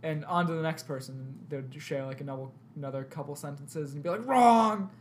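A young man co-hosting a podcast, telling an animated story with lots of laughter and loud outbursts. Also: fairly high pitch, brisk, slight background noise. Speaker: podcast co-host. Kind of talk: casual chat, storytelling.

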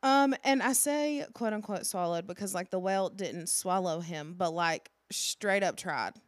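A young woman co-hosting a podcast, telling stories in casual chat with lots of "like" and excited bursts. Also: mid-range voice, a little slow, no room sound. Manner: animated storyteller, lots of "like". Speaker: podcast co-host.

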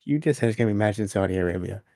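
Deep-voiced man recapping wrestling. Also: rapid-fire, warm tone, no room sound, clean studio sound. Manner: recaps events at length, acting out quoted lines. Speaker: podcast co-host. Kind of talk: casual wrestling review chat.

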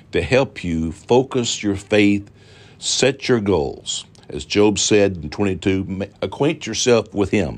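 This middle-aged televangelist pastor, whose voice sits low, preaches a televised sermon. He is fervent and repetitive, stretching out emphatic phrases while asking viewers for donations.

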